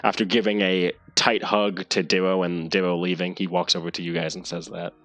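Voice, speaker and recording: A man's voice: deep voice, flat delivery, fairly quick, a bit bright. A man narrating as game master of an online tabletop game, often stopping and restarting his sentences.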